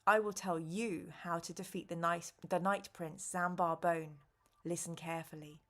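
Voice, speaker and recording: A woman voicing a weary, stern old male wizard who speaks calmly and in measured tones while reading a gamebook aloud. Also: mid-range voice, lightly acted. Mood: grave, calm.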